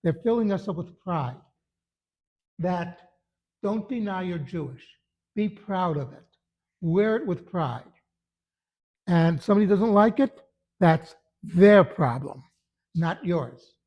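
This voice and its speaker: High-voiced man giving an earnest Torah talk. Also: animated, slow pace, long pauses, dull audio. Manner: earnest, emphatic storyteller. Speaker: religious teacher.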